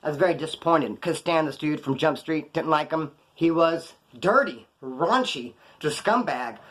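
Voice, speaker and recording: A man telling prison stories in a rapid, slangy monologue, acting out the voices of the people in them. He is from Kern County, California. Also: a little high, lively intonation, a bit bright. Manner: rapid, slangy, quotes others in put-on voices. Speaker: prison storyteller vlogger. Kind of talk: fast casual storytelling monologue.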